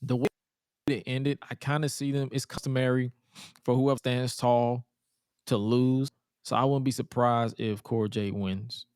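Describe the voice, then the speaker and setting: A man's voice: medium pitch, level tone, moderate pace, darkish tone, clean tone, no echo, clean studio sound. A young man co-hosting a wrestling podcast in loose casual chat, slangy and given to repeating himself. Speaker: podcast co-host.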